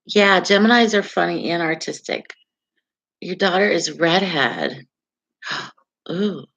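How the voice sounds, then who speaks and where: A woman's voice: lowish voice, animated, slow pace, creaky, a bit bright. A middle-aged woman hosting a casual astrology live stream, chatting with viewers, reacting to their comments and laughing often. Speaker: livestream astrology host.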